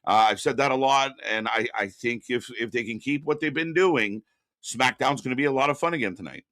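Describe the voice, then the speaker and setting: A man's voice: medium pitch, brisk, sharp tone, dry recording, studio quality. A man co-hosting a live wrestling reaction stream, chatting casually and greeting viewers in the chat by name.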